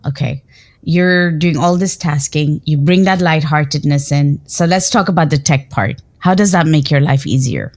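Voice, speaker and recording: Host, woman, fairly low voice, animated and chatty, recorded dry. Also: moderate pace, dry recording. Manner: animated storytelling, restarts. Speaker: podcast host. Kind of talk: casual podcast interview.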